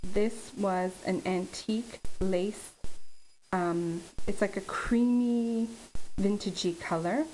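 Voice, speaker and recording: A woman chats her way through a craft tutorial, halting now and then with ums as she explains each step. Her voice sits in a middle pitch, and a faint hiss runs under the recording. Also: darkish tone, low-quality recording. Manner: chatty, halting with many ums. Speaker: craft vlogger.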